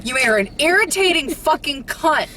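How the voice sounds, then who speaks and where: A woman's voice: high voice, animated, normal speed, sharp tone, a little hiss or hum. Blunt, foul-mouthed woman co-host. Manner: blunt, heavy swearing, dry put-downs. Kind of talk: casual spoiler review chat.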